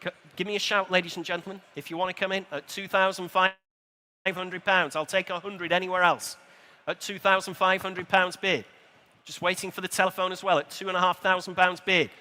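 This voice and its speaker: Auctioneer guy calling bids fast n chatty, high bright voice, big echoey hall. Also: level tone. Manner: brisk, chatty bid calling with dry asides. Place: large exhibition hall saleroom.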